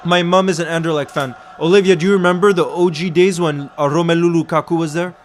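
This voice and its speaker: A man's voice: a little high, steady tone, fast, slight background noise. Chatty man hosting a football watchalong. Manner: chatty, reads out viewer chat, slips into French phrases. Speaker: host of a live match watchalong stream. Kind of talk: casual live watchalong commentary.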